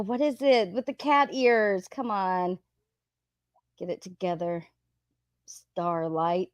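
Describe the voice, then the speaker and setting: A woman's voice: mid-range voice, no room sound, clean studio sound. A woman hosting a livestream, chatting casually, greeting viewers by name and swearing freely. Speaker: livestream host. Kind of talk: casual livestream chat reading viewer comments.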